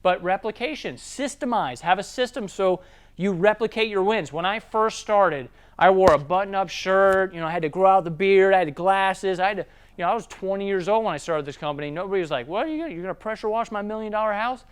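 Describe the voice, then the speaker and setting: A Southern man with a high, smooth, resonant voice coaches a room on sales in a loose, casual way. He keeps slipping into quick voices to act out customers. He sounds like a young adult. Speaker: sales trainer. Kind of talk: seminar talk on sales.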